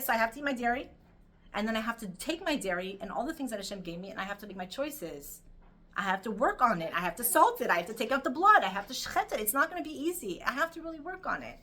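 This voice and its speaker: The speaker is a middle-aged woman teaching Torah in a weekly session, her voice on the high side and her pace quick. She narrates stories with emotion and animation, peppered with fillers.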